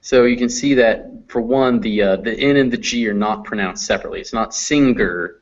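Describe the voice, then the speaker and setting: Guy teaching pronunciation on a call, patient, mid-pitched voice, kinda muffled lo-fi audio. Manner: patient, explanatory, slows down to demonstrate sounds. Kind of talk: explaining phonetics in an online class.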